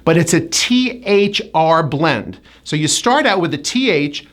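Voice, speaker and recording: Her low-pitched, expressive voice carries an American accent as she coaches a pronunciation lesson. Each sound is drawn out, and she repeats words carefully in slow, exaggerated drills.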